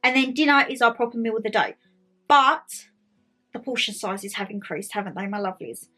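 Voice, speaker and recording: A woman's voice: on the high side, fairly quick, sharp tone, soft background music. A young woman chatting casually to camera, bubbly and talkative, full of quoted asides. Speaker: vlogger host. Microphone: tablet camera.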